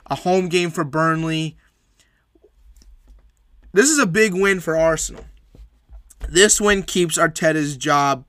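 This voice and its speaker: Bright-voiced man recapping football. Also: a little high, dry recording, studio quality. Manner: opinionated, emphatic predictions with repeated phrases. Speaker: sports podcast host. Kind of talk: solo sports recap.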